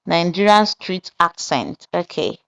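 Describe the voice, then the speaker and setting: A woman hosting a software tutorial, explaining each step deliberately and pausing with fillers as she goes. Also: on the low side, animated, creaky, clean tone. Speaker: tutorial host. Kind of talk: screen-recorded software tutorial narration.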